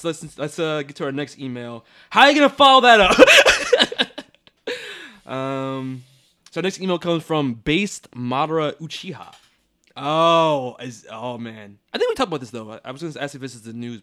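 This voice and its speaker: A young man co-hosting a podcast in casual chat, effusive and quick to laugh, with lots of filler words. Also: fairly high pitch, fairly bright tone. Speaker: podcast co-host.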